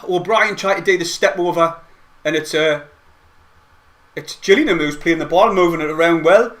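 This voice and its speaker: A man giving excitable, rambling play-by-play of a match from home, as host of a fan watch-along. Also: fairly high pitch, normal speed. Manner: excitable, rambling fan commentary with mild swearing. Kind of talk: casual live play-by-play commentary. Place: at home, not at the stadium.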